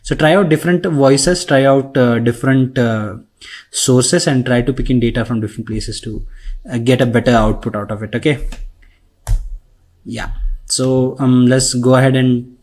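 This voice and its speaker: A man leading a screen-share software tutorial, talking conversationally and tagging his sentences with "right?" and "okay?". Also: medium pitch, fairly even intonation, normal speed. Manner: conversational, frequent "right?" tags and fillers. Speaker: instructor. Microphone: recording mic.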